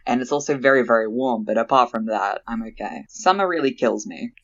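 Animated rambling podcast host, man. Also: medium pitch, fairly quick, lo-fi sound. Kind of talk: casual chat.

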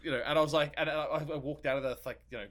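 A man's voice: fairly high pitch, fairly even intonation, racing, crowd noise. A man co-hosting a podcast in casual, rambling chat, swearing freely. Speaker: podcast co-host.

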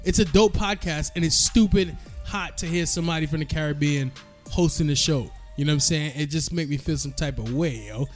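A man's voice: a little high, a little fast, soft background music. A man from Guyana co-hosting a podcast, bantering casually with slang and frequent laughter. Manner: joking, laughs often, slangy. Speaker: podcast co-host.

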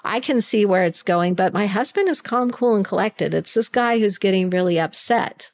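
A woman co-hosting a podcast, telling a story in casual chat and quoting the people in it with animated voices. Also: medium pitch, normal speed. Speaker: podcast co-host.

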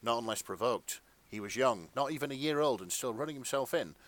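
A man's voice: mid-range voice, animated, fairly quick, a bit bright. A man, a podcast host, narrating a fanfic aloud with wry asides.

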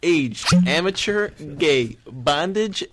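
A man pitching his joke business on a comedy podcast, often breaking into giggles. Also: expressive, takes it slowly, a bit bright. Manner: giggly, keeps breaking into laughter. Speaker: guest reading an ad. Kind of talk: comedic podcast bit, ad read.

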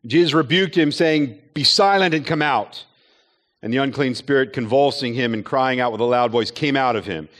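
A man preaches a sermon with earnest conviction. He leans on rhetorical questions and now and then acts out the voices he quotes. His pitch sits in an ordinary middle range. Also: moderate pace, fairly bright tone. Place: chapel or hall with an audience.

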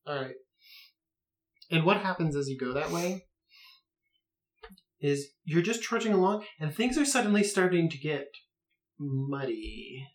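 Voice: mid-range voice, big pitch swings, measured pace, pauses often, roomy sound. A game master narrating a tabletop game in loose, rambling descriptions full of filler words.

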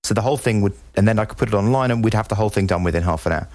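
Low-voiced joking podcast co-host, a man. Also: very fast, darkish tone, no echo. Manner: joking, mock-earnest pitch delivery. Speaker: podcast co-host who edits the show. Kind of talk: casual tech podcast chat.

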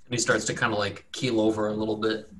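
A man's voice: on the low side, very noisy. A man narrating as game master in an easygoing, rambling way, with frequent fillers.

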